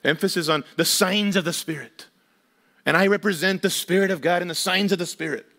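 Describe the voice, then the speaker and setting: High-voiced man preaching a sermon. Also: a little fast, vocal fry, sharp tone. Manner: emphatic preaching with rhetorical questions. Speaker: pastor.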